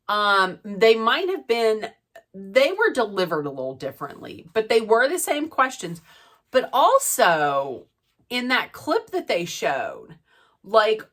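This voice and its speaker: Chatty gossiping middle-aged woman. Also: mid-range voice. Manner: chatty, gossipy, animated retelling with asides. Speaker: reality TV recap host. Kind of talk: casual recap chat.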